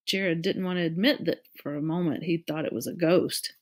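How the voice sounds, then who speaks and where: Woman with a lowish voice reading a storybook. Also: steady tone, moderate pace, hardly any pauses. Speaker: narrator. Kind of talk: storybook read-aloud.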